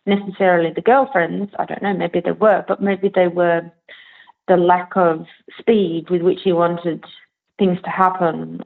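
A woman recalling her time in a band in a slow, reflective interview, pausing and restarting as she thinks. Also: fairly low pitch. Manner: slow, thoughtful, with pauses and restarts. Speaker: interviewee, former bandmate. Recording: phone-like narrow line.

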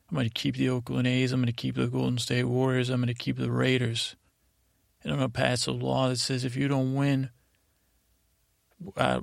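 A man hosting a podcast, telling a meandering bedtime story in a halting, drowsy way. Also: medium pitch, vocal fry, no room sound, clean studio sound. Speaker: podcast host. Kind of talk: rambling bedtime story narration.

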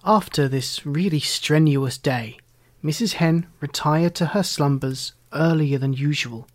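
A storyteller reads a children's tale at a slow, easy pace. The delivery is gentle and unhurried, with a voice pitched in a middle register. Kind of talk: reading a children's story aloud.

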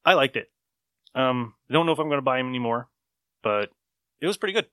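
Guy rambling on a podcast, laughs and swears a lot, bright voice. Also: medium pitch, expressive, fast, no echo, clean studio sound. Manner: loose, rambling storytelling with frequent laughs and swearing. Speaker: podcast host reviewing comics. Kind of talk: casual chat.

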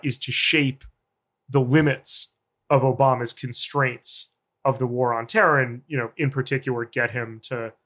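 A man, a journalist guest, giving long, deliberate analytic answers in an interview. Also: medium pitch, steady tone, a bit bright.

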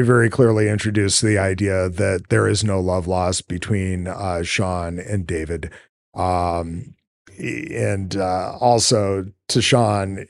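Male podcast host, low and gravelly, dry close sound, rambling casual recap. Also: no echo. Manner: rambling, with many fillers and swearing.

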